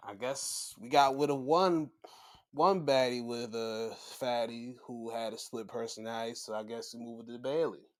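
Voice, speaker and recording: A man hosting a podcast, recapping matches in casual, profane talk and acting out quotes in a high voice. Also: fairly even intonation, moderate pace. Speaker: podcast host.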